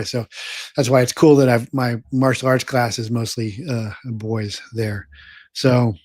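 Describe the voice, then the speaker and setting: Older male host, casual stream chat, rambling with fillers, dry close-mic sound, mid pitch. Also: fairly even intonation, measured pace, a little mellow, no echo. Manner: rambling, many fillers and restarts. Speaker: show host. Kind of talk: casual livestream talk reading viewer comments.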